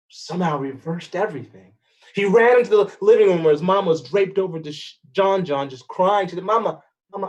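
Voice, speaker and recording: A man telling a folk-style story with expressive, dramatic pacing. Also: on the high side. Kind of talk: storytelling performance.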